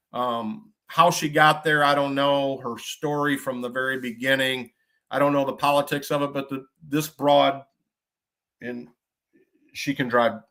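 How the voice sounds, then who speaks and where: A man's voice: on the high side, fairly bright tone. A middle-aged man from Michigan hosting a podcast, telling stories bluntly in folksy trucker slang with plenty of cursing. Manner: blunt storytelling with frequent cursing. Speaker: podcast host. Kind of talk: casual podcast monologue.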